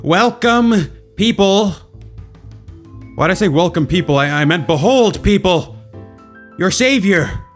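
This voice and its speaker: A man's voice: high-pitched, animated, slow pace, long pauses, faint music behind, pitched above the performer's own voice. Man playing a pompous self-styled savior. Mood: grandiose. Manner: pompous, proclaiming. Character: grandiose male self-proclaimed savior.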